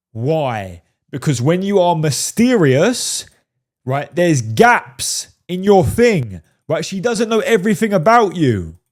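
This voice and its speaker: A man's voice: sits high, darkish tone. A man commenting on film clips as a dating coach, casual and profane, often saying "right?" and "fellas".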